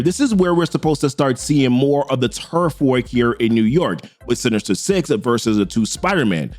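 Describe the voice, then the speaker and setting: A man hosting a comic book channel, giving a chatty, animated recap of an issue. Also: medium pitch, a little fast, few pauses. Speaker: comic book video host. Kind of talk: casual comic recap commentary.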